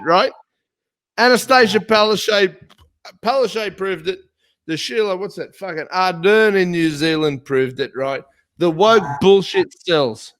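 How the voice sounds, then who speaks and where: A man's voice: high-pitched, a bit bright. An Australian man from a small country town, ranting profanely in a casual political chat. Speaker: podcast host.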